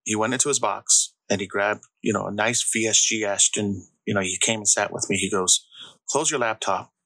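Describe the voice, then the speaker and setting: A man co-hosting a podcast, telling stories in a casual, animated way and acting out the quotes. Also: lowish voice, fairly quick, dry recording, low-quality recording. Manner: animated storyteller, acts out quotes. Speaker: podcast co-host.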